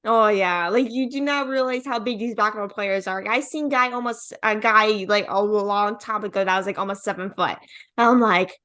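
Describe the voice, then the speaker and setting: A woman's voice: mid-range voice, moderate pace, fairly bright tone. A young woman hosting a podcast interview, chatty and leaning heavily on filler words as she talks. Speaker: podcast host. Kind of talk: casual interview chat.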